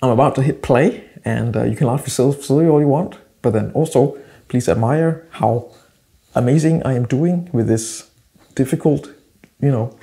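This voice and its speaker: A man's voice: medium pitch, normal speed, creaky, warm tone. A middle-aged man, hosting his vlog in a chatty, self-mocking way. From Denmark. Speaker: photographer and video host. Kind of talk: casual vlog intro.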